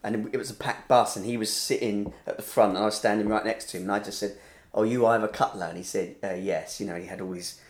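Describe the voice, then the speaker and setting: A man hosting a casual chat, eager and quick to chime in. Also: fairly low pitch, fairly even intonation. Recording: roomy echo.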